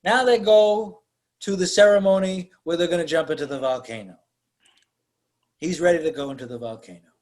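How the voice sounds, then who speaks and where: A man's voice: a little high, fairly quick. A man hosting a podcast, casually and animatedly retelling a movie's plot and acting out its scenes. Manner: animated storyteller, acts out scenes. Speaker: podcast host.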